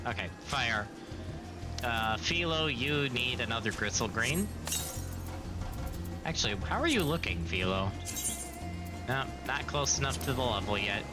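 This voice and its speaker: A man's voice: medium pitch, animated, unhurried, pauses often, music in the background. A man streaming a video game, chatting casually and joking at his own expense. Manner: chatty, self-mocking, reads game dialogue aloud. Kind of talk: casual gameplay commentary.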